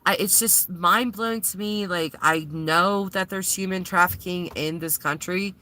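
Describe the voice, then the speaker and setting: Shaken woman vlogger with a bright voice. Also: fairly low pitch, measured pace. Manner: rambling and shaken, many fillers. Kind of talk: casual vlog retelling.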